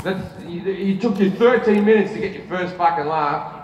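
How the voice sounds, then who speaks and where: Performing stand-up at a moderate pace, an Australian man swears through a story and leaps into big voices for its characters. He's on a large arena stage, recorded from a distance in a roomy space with a live crowd laughing.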